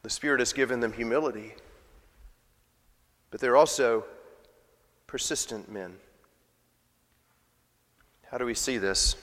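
A man's voice: measured pace, long pauses. Man preaching in an echoing hall. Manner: swings from loud emphatic preaching to quiet, low asides. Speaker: pastor. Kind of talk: sermon. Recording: long reverb of a large hall.

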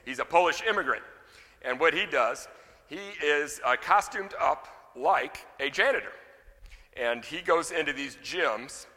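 A man's voice: fairly high pitch, animated, a little slow, pushed and bright, big-room sound. A man preaching a sermon, emphatic on scripture readings and loose and chatty in his story asides.

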